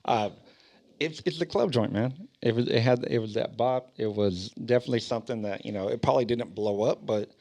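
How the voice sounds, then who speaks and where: A man in his thirties hosting a casual podcast chat, telling stories with animated mock outrage and easy swearing. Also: mid-range voice, a little fast. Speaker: podcast host.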